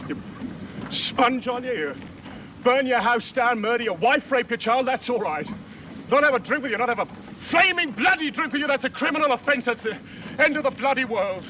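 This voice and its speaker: An actor playing a young schoolteacher who turns down a drink and then bursts into a bitter rant, in a clip from a film. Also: male voice, very high-pitched, animated, normal speed, long pauses. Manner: refusing, then ranting bitterly. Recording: dull film audio, loud engine noise.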